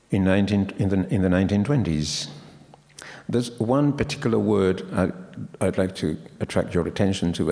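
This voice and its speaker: A man's voice: low voice, darkish tone. A man giving an academic lecture on pronunciation, explaining and quoting sources, in a lecture hall. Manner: explanatory, quotes sources, with frequent restarts.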